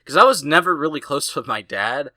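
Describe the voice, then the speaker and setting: A young man co-hosting a podcast in casual chat, rambling excitably and swearing a lot. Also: on the high side, fairly quick, no room sound. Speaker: podcast co-host.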